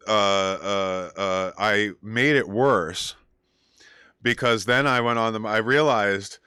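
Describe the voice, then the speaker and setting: A man's voice: fairly low pitch, sharp tone, smooth, no echo, studio quality. A man hosting a casual music show, giving advice and telling stories in a rambling way with lots of fillers. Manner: rambling, many fillers and restarts. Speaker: DJ and show host. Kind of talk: casual chat advice and storytelling.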